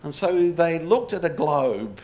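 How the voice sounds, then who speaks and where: A man's voice: fairly high pitch, very animated, unhurried, a little mellow. A man giving a public talk to a live audience in a pub, telling stories with wry humour and rhetorical questions. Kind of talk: public lecture. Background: audience laughter, faint room noise.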